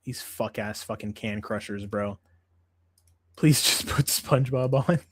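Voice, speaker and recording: A man's voice: on the low side, a little slow, no room sound. A man hosting a casual MMA livestream, ranting in a profane, exasperated way. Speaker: MMA show host.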